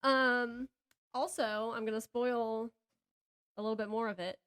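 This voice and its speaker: A woman's voice: on the high side, steady tone, measured pace, a bit bright, smooth. A woman with a Southern American accent co-hosting a casual book podcast, rambling and stopping herself mid-thought, laughing often. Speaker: podcast co-host. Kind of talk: casual chat about books.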